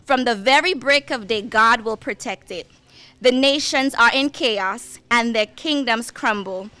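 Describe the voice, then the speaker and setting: A woman reads scripture at a memorial in a slow, deliberate, prayerful cadence. Her voice sits a little high and sounds bright and clear. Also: dry recording. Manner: measured and prayerful. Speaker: scripture reader at a memorial service.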